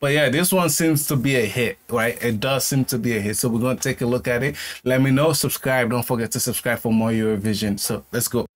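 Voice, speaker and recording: A man's voice: medium pitch, a little fast, few pauses. A man hosting a casual reaction video, talking in a laid-back, slangy way with lots of filler phrases and eager praise. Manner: enthusiastic, emphatic praise. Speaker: YouTube reaction host.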